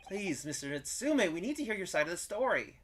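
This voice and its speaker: An earnest young defense lawyer puts polite, probing questions in a bright voice, voiced by a player reading a mystery game. He sounds a little unsure of himself but stays courteous. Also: mid-range voice, sing-song, fairly quick, slight background noise, voice pushed up. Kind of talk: voicing game dialogue.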